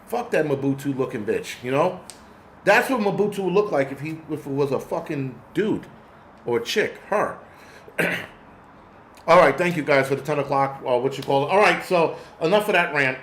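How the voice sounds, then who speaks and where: A man's voice: on the high side, expressive, normal speed, a bit bright, roomy sound, a little hiss or hum. A man from the United States hosting his channel, giving an angry, profane, rambling livestream rant full of restarts. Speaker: host.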